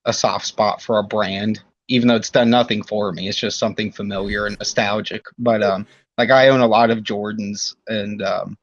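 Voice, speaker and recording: A man's voice: lowish voice, fairly even intonation, normal speed, dry recording. A man chatting on a podcast in a laid-back, joking way with rambling asides. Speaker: podcast guest. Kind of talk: casual podcast chat. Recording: dull, dry lo-fi mic.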